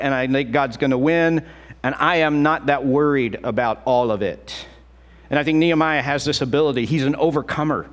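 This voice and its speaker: A middle-aged male pastor preaching a sermon in an animated, conversational way, acting out quotes as he goes. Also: fairly high pitch.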